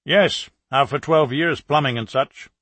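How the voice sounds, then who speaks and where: Chatty middle-aged plumber and ex-soldier, gossipy pub talk, raised pitch, husky edge, read by a male audiobook narrator. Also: unhurried, a bit bright, no echo. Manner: gossipy, talkative.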